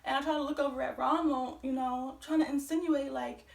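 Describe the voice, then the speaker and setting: High-voiced woman telling a wild story. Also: vocal fry. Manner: excitable, talks fast when worked up, heavy swearing. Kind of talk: storytime vlog. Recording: roomy echo, voice from a distance.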